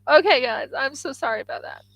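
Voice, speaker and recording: A woman's voice: sits high, expressive, fast talker, fairly bright tone, no echo, poor audio. A woman live-streaming her craft work, chatting casually and thinking aloud to viewers as she sculpts.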